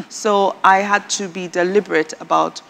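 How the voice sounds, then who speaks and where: A woman guest on a talk show, chatting casually and telling lively stories with dry, sarcastic humor. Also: mid-range voice, a little slow, creaky, big-room sound. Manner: animated storyteller, laughs often, dry sarcastic humor.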